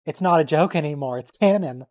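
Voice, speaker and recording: A man's voice: on the high side, darkish tone. Joking man hosting a watch-along. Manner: joking, quick to react and tease. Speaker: stream host. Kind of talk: casual watch-along chat.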